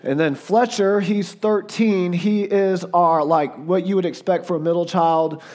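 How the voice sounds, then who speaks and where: A hoarse man in his forties with a Southern US drawl, speaking a touch higher than most men. He chats and jokes through his stories as a guest preacher. He leans on "like" and "uh" as he talks. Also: steady tone, measured pace, darkish tone. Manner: chatty and joking, lots of "like" and "uh". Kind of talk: casual storytelling before a sermon.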